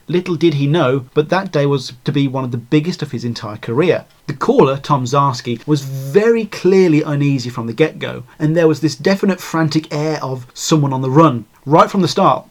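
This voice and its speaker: Sardonic man narrating. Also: on the high side. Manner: irreverent, sardonic, swears freely. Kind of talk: video essay narration.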